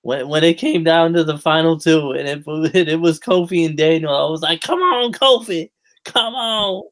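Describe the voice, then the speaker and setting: Gravelly man rambling casually. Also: on the high side, little pitch movement, normal speed. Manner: rambling, many fillers and restarts. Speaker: podcast co-host. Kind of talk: casual chat.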